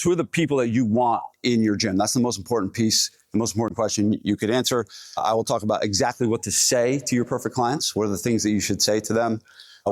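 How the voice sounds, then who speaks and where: Energetic man presenting to a live audience. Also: fairly low pitch, dry recording. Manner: energetic, addresses the audience directly. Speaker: gym owner presenting at a fitness event. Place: event hall stage.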